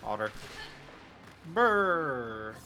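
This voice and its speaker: A man joins a game stream as co-player, cracking jokes and teasing his partner. His voice is crisp and bright at an ordinary pitch. A faint hiss sits behind him. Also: very animated, very slow. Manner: joking, teasing. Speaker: co-player guest. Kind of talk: casual gaming chat.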